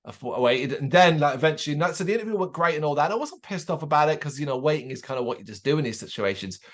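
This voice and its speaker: A man co-hosting a casual chat show, telling an animated anecdote and acting out the people in it, swearing freely. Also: on the high side, very fast. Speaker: podcast co-host.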